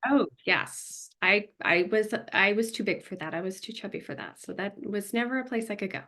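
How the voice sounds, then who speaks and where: A woman co-hosting a casual podcast as a therapist, telling stories in an animated way and acting out her own past thoughts. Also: medium pitch, moderate pace.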